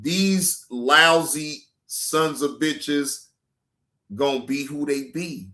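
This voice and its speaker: Male stream host with a higher voice who drawls slowly, slangy and profane, loud then hushed. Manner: slangy, profane, repeats himself; swings between loud hype and low, quiet asides. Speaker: reaction show host. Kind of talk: casual livestream talk.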